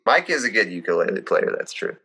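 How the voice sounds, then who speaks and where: A young man guesting on a comedy podcast, riffing dryly with halting restarts. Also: lowish voice, sing-song, bright, forceful tone, slightly rough, rough recording. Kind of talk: casual comedic banter.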